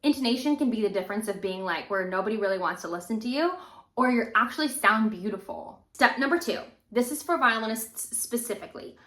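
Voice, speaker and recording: Brisk and a bit bright, this young adult woman's voice sits on the high side with lively intonation. She's teaching violin for an instructional video in a relaxed, encouraging way, showing techniques as she goes, with roomy echo around her.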